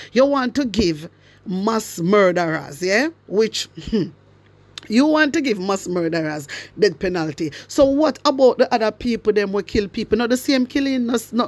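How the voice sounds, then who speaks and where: A Jamaican-accented social media commentator rants passionately at followers. The delivery is emphatic and repetitive, full of rhetorical questions, and swings from loud to low. The sound is dry and close. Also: no echo. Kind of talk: impassioned political rant to followers.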